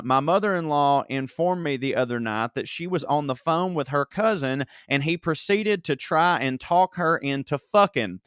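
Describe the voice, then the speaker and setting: A man with a fairly high, smooth voice co-hosts a comedy podcast, telling listener stories with lively energy and breaking into laughter as he reads. The sound is dry and close, with no room echo. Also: normal speed, few pauses. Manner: animated storytelling, laughs while reading. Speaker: podcast co-host reading listener emails. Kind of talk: casual comedic podcast banter.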